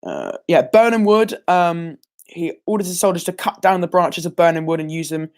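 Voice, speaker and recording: On a relaxed livestream, a teenage student shares his exam revision in a fairly high, expressive voice at normal speed. He's hesitant and meandering, constantly saying um and correcting himself.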